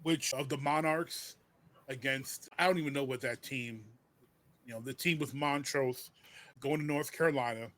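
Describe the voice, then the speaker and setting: A man hosting a casual podcast, joking about a film with many quick restarts. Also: mid-range voice, a bit bright. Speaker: podcast host.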